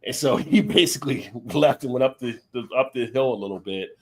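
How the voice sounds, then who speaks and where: A man's voice: mid-range voice, brisk. A man with an ordinary, middle-range voice tells loose, rambling stories on a live stream. He drifts through a casual anecdote and breaks into laughter easily. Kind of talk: casual chat, storytelling.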